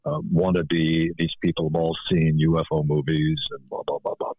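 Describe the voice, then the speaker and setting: A man voicing a dismissive male academic physicist in a lowered, quieter, condescending voice. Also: flat delivery, moderate pace, dry recording, narrow, tinny audio.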